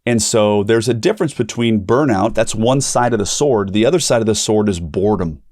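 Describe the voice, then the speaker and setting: A man hosting a ministry podcast talks a little fast as he tells a story conversationally, often restarting and repeating. In an animated way, he acts out quoted people with big pitch jumps. The audio is studio quality with no echo.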